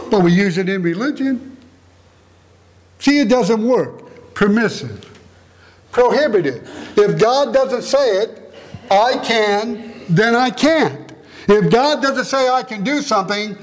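A middle-aged man preaching a sermon, emphatic and fond of repeated rhetorical questions. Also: high voice.

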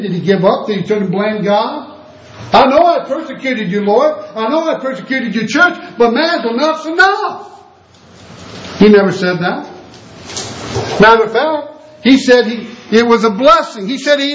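Impassioned high-voiced preacher in an echoey room. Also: male voice, dull audio. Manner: impassioned, rhetorical questions, wide swings in pitch. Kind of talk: sermon.

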